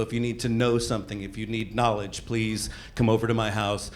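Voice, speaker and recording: A man's voice: mid-range voice, slight background noise. Brash crude stand-up comic man. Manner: brash, crude, puts on voices for punchlines. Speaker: stand-up comedian. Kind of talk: stand-up comedy set. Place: comedy club stage before a live audience. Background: audience laughter.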